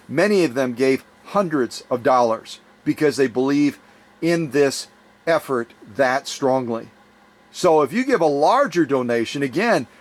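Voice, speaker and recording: A man hosting his channel, making an urgent, repetitive fundraising appeal with a voice going hoarse. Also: fairly high pitch. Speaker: YouTube channel host.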